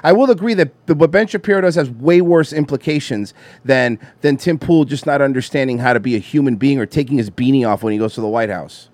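A man's voice: medium pitch, quick pace, few pauses, dry recording. A man with a Miami Cuban accent, hosting a profane, joking casual chat. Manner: profane, animated banter. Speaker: host.

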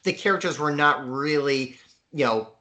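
Bright-toned man discussing films. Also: on the high side, normal speed. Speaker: podcast co-host. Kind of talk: casual film discussion.

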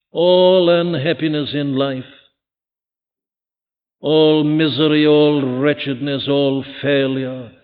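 An older man preaching a sermon, earnest and full of rhetorical questions, his voice swinging between loud and quiet. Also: fairly high pitch. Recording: tinny phone-like archive recording in a large hall.

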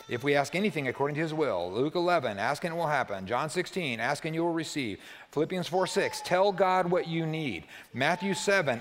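A man preaching a sermon in a church, talking to the congregation in a relaxed, joking way and often checking in with them with "right?". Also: mid-range voice. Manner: conversational and humorous, often asks the listeners "right?". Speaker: pastor.

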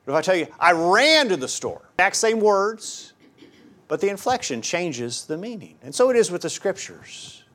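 A man's voice: sits high, expressive, moderate pace. A middle-aged man preaching a sermon in an earnest, emphatic way, often repeating his key phrases.

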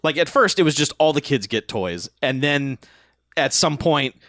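Animated, laughing man riffing on a movie. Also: fairly high pitch, normal speed, dry recording, studio quality. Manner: laughing, animated, jumps in with jokes and voiced quotes. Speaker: podcast co-host. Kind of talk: casual chat recapping a movie.

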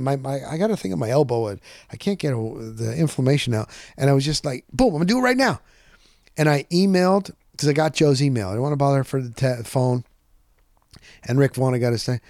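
A man hosting a podcast, telling a rambling, excitable story in a casual monologue and punching points with "boom.". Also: no room sound, studio quality. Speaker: podcast host.

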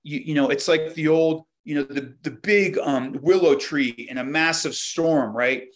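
A man with a fairly high speaking voice, talking as a guest in a casual interview. He tells stories reflectively, often restarting his sentences as he searches for words. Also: measured pace. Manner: reflective storyteller, many restarts. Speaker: guest, inventor.

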